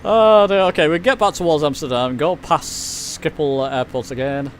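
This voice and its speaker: A man's voice: a little high, moderate pace, slight background noise. A man chatting casually while streaming a flight simulator, rambling and reading chat aloud. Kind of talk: casual live-stream commentary.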